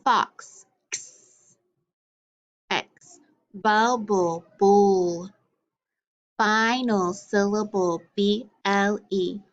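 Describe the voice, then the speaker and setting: A woman's voice: medium pitch, steady tone, very slow, muffled recording. A woman teaching a phonics lesson to children, drilling letters and sounds with patient encouragement.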